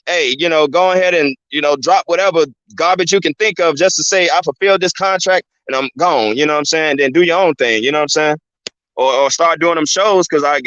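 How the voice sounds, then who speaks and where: A man's voice: on the high side, fairly bright tone, no room sound. Brief: casual male host, slightly raised voice, dry and muffled lo-fi recording. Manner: loose and conversational, keeps saying "you know what I'm saying". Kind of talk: casual commentary monologue. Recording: dry, dull lo-fi sound.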